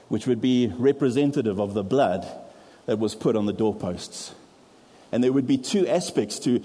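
A man's voice: mid-range voice, mellow, breathy edge, in a large hall. A man preaching a sermon, explaining step by step with props and light self-deprecating asides. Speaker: pastor.

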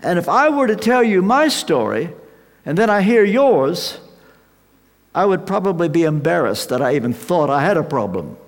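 An older man preaching a sermon, slow and emphatic with dramatic pauses. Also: high voice, sing-song. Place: large hall with an audience. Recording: reverberant hall sound.

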